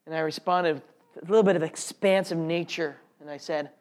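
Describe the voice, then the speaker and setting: A man's voice: a little high, steady tone, fairly quick. A man telling an audience his personal faith testimony in an earnest, heartfelt way. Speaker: speaker sharing a testimony.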